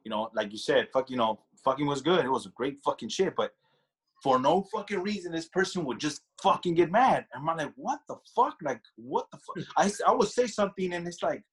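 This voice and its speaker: Husky-voiced man telling profane stories. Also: a little high, lively intonation, a bit bright. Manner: profane, rambling storyteller, quick laugh. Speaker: podcast co-host. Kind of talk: crude casual chat.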